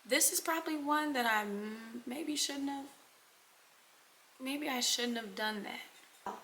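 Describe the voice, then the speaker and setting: Young woman, vlogger, casual storytime, bright high voice, dramatic asides to viewers. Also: slow pace, a little hiss or hum. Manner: animated, drops into dramatic whispers; addresses viewers as y'all.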